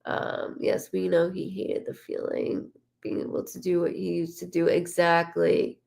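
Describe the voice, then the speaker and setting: Woman medium on a live stream, gravelly edge, halting and gentle, passes on messages in first person. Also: fairly low pitch, monotone. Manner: relays a spirit's words in first person; soft, halting, full of restarts. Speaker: psychic medium.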